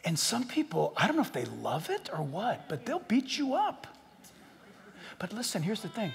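A man preaching a sermon as pastor in a large church, animated and joking, acting out people in quotes. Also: high-pitched, moderate pace, vocal fry, long reverb tail.

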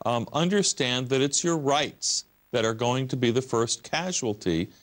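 A man's voice: mid-range voice, animated, unhurried, a bit bright. An American man, a guest on a broadcast religious interview, arguing his case passionately and with emphasis, stacking up repeated words and lists. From United States.

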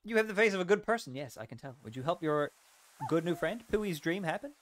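Give me a man playing a pleading, over-friendly wanderer in a cozy farming game, voice pitched up and swinging. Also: lively intonation, fairly quick. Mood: wheedling.

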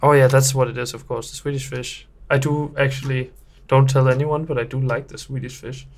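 A man's voice: mid-range voice, fairly even intonation, brisk. A young man, a game developer judging player builds in casual, playful gameplay commentary full of teasing banter. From Denmark.

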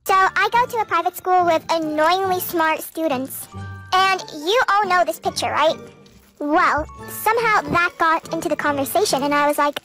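A text-to-speech woman's voice reading a storytime in a quick, chirpy way. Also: very high-pitched, bright, forceful tone. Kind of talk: synthetic storytime narration. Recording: music bed under the voice.

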